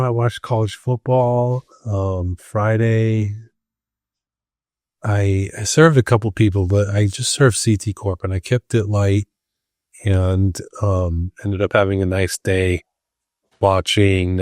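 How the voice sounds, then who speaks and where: A man hosting a solo podcast, talking in a loose, rambling way with lots of ums and restarts. His low voice sounds worn and strained after a long stretch of talk. The recording is close and bone dry, with no room sound. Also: darkish tone, dry recording. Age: adult with school-age kids. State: strained, tired voice. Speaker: podcast host. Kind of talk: casual solo podcast chat.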